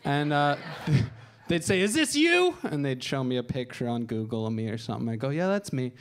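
Delivering deadpan, crude stand-up stories on a comedy show, a man in his thirties imitates the people he quotes. His medium-pitched voice moves a little fast, with slight background noise.

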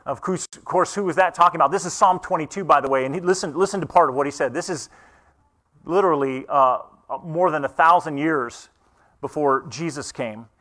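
A man's voice: a little high, a little fast, pushed and bright. Earnest man preaching a sermon. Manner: conversational, earnest, asks the congregation questions. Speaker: pastor. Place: church.

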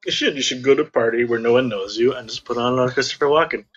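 A young man co-hosting a podcast, teasing with short quick remarks. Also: medium pitch, a bit bright, breathy edge, highs cut off, soft background music. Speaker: podcast co-host. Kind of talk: casual chat.

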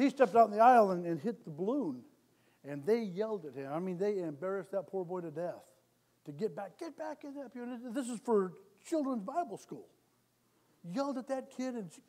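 A man with a notably high voice delivers a sermon in a church, circling back on his phrases and asking the room for amens. He starts conversational, then drives his points home louder and harder. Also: a little fast. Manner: repetitive, calls for amens, builds to loud exhortation. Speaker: lay preacher. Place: church sanctuary.

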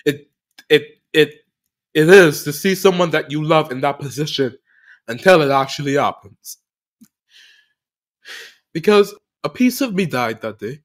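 This podcast host, a man, has a fairly high voice with lively intonation. Recounting a loss from his own life, he halts with emotion, circles back over the same phrases, and speaks with sincere faith.

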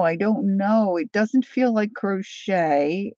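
A woman hosting a casual live chat with her viewers, talking them through things as she unpacks and sometimes dropping to a soft whisper. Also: medium pitch, slow pace, no echo, muffled recording. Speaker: livestream host.

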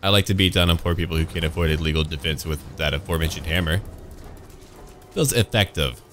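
Deep-voiced man joking through a game. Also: quick pace, a little hiss or hum. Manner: sarcastic, jokey running commentary. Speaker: gaming YouTuber. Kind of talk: let's play commentary. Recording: voice over loud game music.

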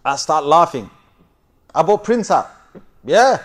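Animated preacher, lively storyteller. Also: male voice, slow pace. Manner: animated, laughing often, big swings in pitch and loudness; chatty, asks the audience for agreement. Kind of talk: storytelling sermon.

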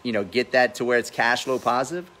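A man's voice: mid-range voice, quick pace, bright, forceful tone. A man in his forties giving blunt, profane business advice in a casual livestream talk, outdoors by his pool. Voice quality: says he has a funny accent. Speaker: real estate investor and host.

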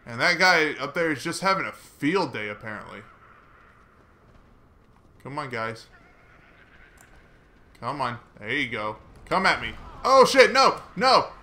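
A man giving casual, chatty commentary while playing a video game, mocking himself and breaking into excited swearing. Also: medium pitch, unhurried, long pauses. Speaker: gaming let's player.

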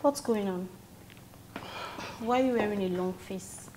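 A woman's voice: medium pitch, measured pace, a little mellow, slight background noise, lightly acted. A young woman with a Nigerian accent playing a level-headed best friend who talks casually and reasons things out. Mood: reasoning.

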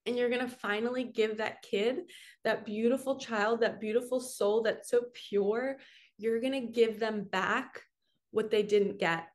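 A woman's voice: fairly high pitch, fairly even intonation, measured pace. A woman spiritual coach giving an earnest, emotional guided healing talk straight to her viewers.

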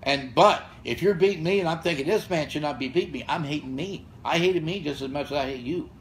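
A man's voice: fairly high pitch, fast, poor audio. An older man in his late sixties with a slightly raised voice tells blunt, profane stories in casual podcast talk. He speaks with hard-charging energy, and a faint background hum sits behind him. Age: 60s. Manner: blunt, profane, fired-up storytelling. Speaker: podcast guest and gym founder. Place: gym or studio with room ambience.

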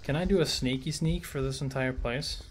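A man giving let's play commentary on a shooter game, frustrated and swearing, shouting at enemies. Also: medium pitch, normal speed, a little hiss or hum. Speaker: gaming YouTuber.

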